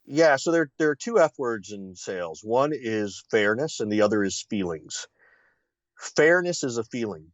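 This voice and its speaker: A man's voice: on the low side, dry recording. Teacherly man on a dull, dry line. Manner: confident, teacherly, with many fillers and rhetorical "right?". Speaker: sales consultant, guest. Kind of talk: interview, explaining ideas. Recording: slightly dull, lo-fi sound.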